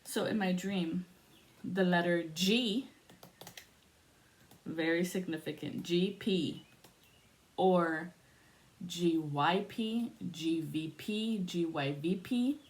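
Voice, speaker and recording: A woman talks through a spiritual reading in a loose, chatty way, swearing freely and laughing as she goes. Her voice sits a little low for a woman. At times she turns to a spoken prayer, calling on spirits. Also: slow, pauses often. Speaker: spiritual reader.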